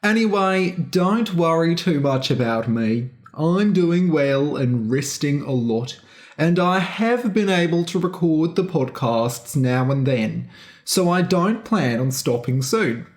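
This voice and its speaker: A podcast host with an Australian accent, tired and low on energy, reading a story aloud slowly and clearly for English learners, then talking to listeners. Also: expressive. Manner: slow, deliberate and carefully clear.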